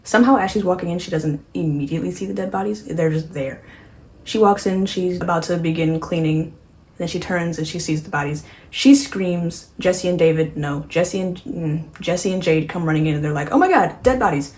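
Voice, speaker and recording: A woman's voice: on the low side, steady tone, normal speed, darkish tone. A woman casually recapping a horror movie while doing her makeup, rambling, correcting herself and tossing in sarcastic asides. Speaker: beauty vlogger.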